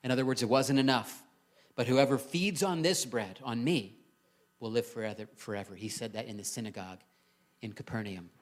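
A man's voice: medium pitch, fairly quick. Man, pastor, sermon in church, chatty delivery, rhetorical questions to the congregation.

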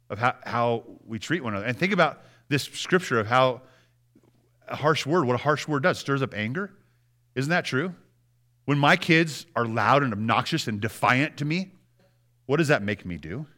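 Bright-voiced male pastor preaching. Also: fairly high pitch. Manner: conversational preaching with rhetorical questions to the congregation. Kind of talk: sermon.

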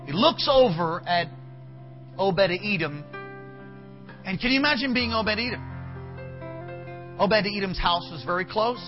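Preacher guy, higher voice, kinda dull lo-fi sound, soft band playing under him. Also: moderate pace, long pauses. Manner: animated, acts out characters, talks to the band. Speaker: pastor. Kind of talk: sermon storytelling. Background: soft band music.

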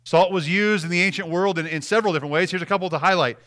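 A man's voice: high-pitched, rapid-fire, a bit bright. A man preaching a sermon, emphatic and direct, repeating key phrases and speaking straight to the congregation.

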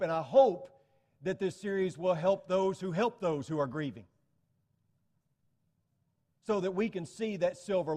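A man's voice: fairly high pitch, darkish tone, long reverb tail. A man preaching a sermon to his congregation, earnest and telling stories to illustrate his points. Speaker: pastor.

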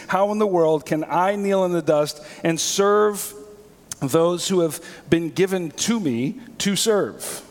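A male pastor preaching a sermon, swinging between hushed, slow passages and emphatic, raised lines. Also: a little high. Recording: long hall reverb.

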